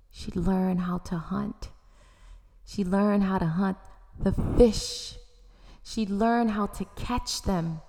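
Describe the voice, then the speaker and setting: A woman narrating a story in a slow, dramatic way, often dropping to a whisper. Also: fairly low pitch, gravelly, dark tone. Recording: long hall reverb.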